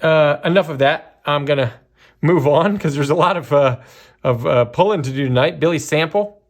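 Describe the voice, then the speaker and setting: A man giving casual, chatty commentary while opening a box of trading cards, with lots of fillers and bursts of excitement. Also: on the high side, normal speed. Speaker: card breaker.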